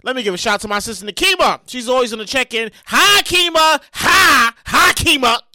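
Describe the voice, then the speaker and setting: Loud, animated New York podcast host. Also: female voice, high voice, a little fast, dry recording, clean studio sound. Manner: loud, animated, swearing, vents and shouts. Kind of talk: casual solo podcast chat. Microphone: close podcast mic.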